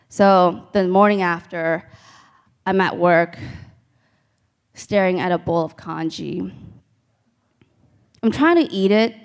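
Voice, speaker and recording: Slow, deadpan woman doing stand-up. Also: fairly high pitch, clean tone. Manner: deadpan storytelling with crowd asides. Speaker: stand-up comedian. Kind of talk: stand-up comedy set. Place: live comedy stage before an audience.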